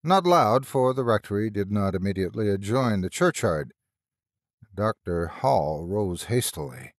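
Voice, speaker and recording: A man reading a ghost story aloud in a measured, expressive narration. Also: lowish voice, dry recording, studio quality.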